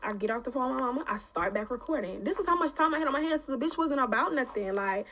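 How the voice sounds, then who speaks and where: Casting note: high-pitched woman, casual storyteller, blunt and profane, animated delivery. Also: fast. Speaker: woman telling her story.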